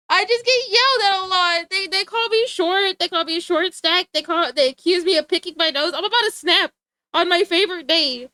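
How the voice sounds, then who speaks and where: High bright-voiced giggly woman streamer. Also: moderate pace, no room sound. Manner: playful, giggly, mock-threatening. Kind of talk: casual live-stream chat.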